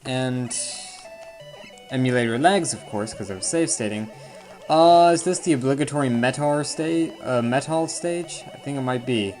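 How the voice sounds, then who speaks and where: A man with a mid-range, somewhat mellow voice and moderate pace narrates his video game as a let's play commentator. His talk is casual and rambling, with self-deprecating humor and frequent asides, and faint game music plays behind him.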